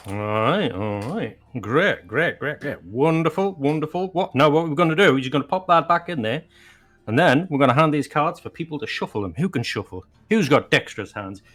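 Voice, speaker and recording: A man voicing a small gnome who magically booms like a carnival card-trick showman, barking patter at a crowd. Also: animated, a little fast, fairly bright tone. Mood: showy, coaxing.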